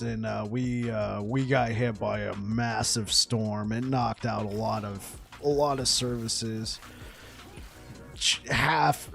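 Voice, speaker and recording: A man chatting casually with viewers on a live game stream. He laughs often, repeats words as he goes, and gets excited when telling a story. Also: fairly low pitch, gravelly.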